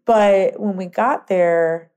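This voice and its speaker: A middle-aged woman entrepreneur telling long stories in a casual interview, rambling and animated, full of fillers and restarts. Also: mid-range voice, slow, clean tone. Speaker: guest entrepreneur.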